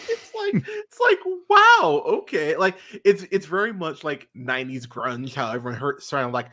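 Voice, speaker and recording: A man's voice: medium pitch, bright, forceful tone. A man hosting a podcast, talking casually and animatedly, laughing often and restarting his sentences. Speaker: podcast host.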